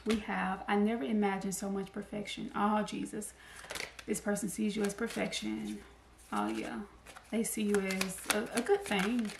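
A woman's voice: medium pitch, normal speed, creaky. A woman giving a casual tarot reading to camera. She chats, laughs often and acts out the cards' messages. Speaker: tarot card reader. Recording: echoey room, faint noise.

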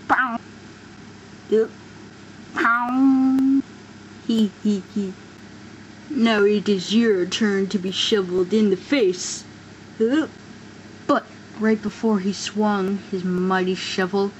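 A woman's voice: medium pitch, slight background noise, low-quality recording. A woman voicing all the figures of a homemade toy war story, switching playfully between characters. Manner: playful, voices many toy figures in turn. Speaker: amateur stop-motion voice performer. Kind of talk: kid-style toy play acting.

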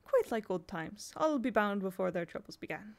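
A woman's voice: mid-range voice, very animated, moderate pace. Lady doing a fussy old housekeeper lady, all motherly and scolding. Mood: fond chiding. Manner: sentimental, chiding.

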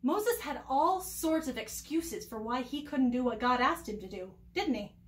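Woman children's ministry teacher, Bible storytelling, high pitched, expressive. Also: normal speed. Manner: warm, expressive storytelling with asked questions.

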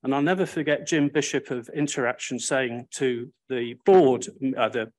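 A man's voice: mid-range voice, moderate pace, a little mellow. Older man, wry panel speaker. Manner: wry, self-deprecating, emphatic. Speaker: panel speaker, Sphere's first chair. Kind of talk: panel talk recounting history.

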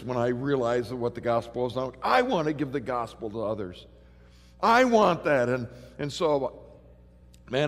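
A middle-aged pastor with a mid-range, slightly mellow voice preaches a sermon in a large church hall, telling stories animatedly with lots of fillers and restarts. The recording carries the long reverb of the church hall.

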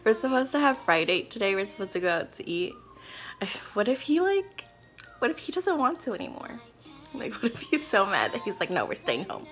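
A woman's voice: a little high, very animated, soft background music. A woman chatting to camera in a casual vlog, nervous and giggly as she lays out a prank, at times dropping to a whisper. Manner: nervous, giggly, talking fast about a plan; whispering quietly. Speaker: vlogger.

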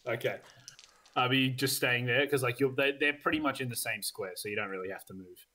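A man's voice: mid-range voice, brisk, sharp tone. A man running a tabletop game as dungeon master, casual and hesitant, with many ums. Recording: faint background noise with clicks.

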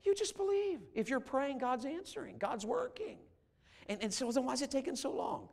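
A man preaching a revival sermon as an evangelist, swinging from shouts to hushed tones. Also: very high-pitched, big pitch swings, normal speed, creaky. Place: large church sanctuary. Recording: long hall reverb in a church.

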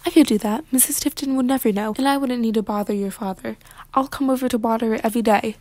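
A woman's voice: a little high, fast, a little mellow, no echo, close to an everyday voice. A woman voicing a polite, earnest young male gardener. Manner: polite, eager to please.

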